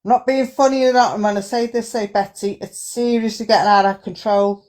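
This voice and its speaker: A woman putting on a brash, foul-mouthed Australian character with a put-on Australian accent, rambling loudly in improvised comedy role-play on a live stream. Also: mid-range voice, steady tone, fairly quick, natural voice. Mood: chatty. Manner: loud, sweary, rambling.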